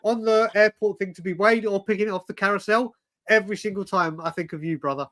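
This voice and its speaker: A man's voice: sits high, fast, a bit bright. A man, telling stories animatedly on a casual live stream, swearing and saying "mate" constantly. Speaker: co-host.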